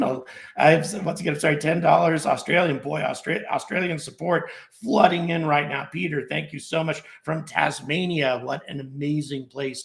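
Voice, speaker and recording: A man's voice: mid-range voice, a bit bright. A middle-aged man hosting a live stream, thanking viewers and reading out where they are checking in from, in a rambling, grateful way with many fillers. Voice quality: gravelly. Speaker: livestream host.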